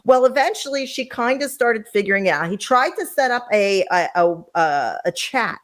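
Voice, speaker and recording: A woman's voice: a little high, expressive, moderate pace. A woman hosting a podcast, chatting casually and sarcastically as she gossips about reality TV and talks to her live chat. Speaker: podcast host.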